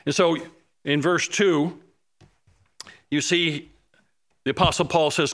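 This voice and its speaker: A man preaching a sermon, fervent, rising to urgent pleading when he quotes prayers and dropping low and soft when he lists needs. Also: slow, pauses often.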